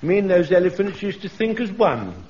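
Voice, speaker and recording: An eager old soldier who rambles on with over-keen stories. His voice is high and bouncy. The sound is a dull old broadcast with faint hiss. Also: sing-song, normal speed, a little mellow. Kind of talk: 1970s radio sitcom acting.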